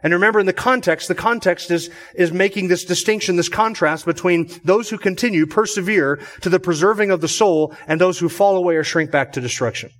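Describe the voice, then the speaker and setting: A man with a somewhat high voice preaches a verse-by-verse sermon. His delivery is measured, and he circles back over phrases to drive them home. He climbs higher on the words he stresses. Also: a bit bright. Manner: measured, repeats phrases for emphasis, rises on key words. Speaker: pastor. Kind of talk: expository sermon.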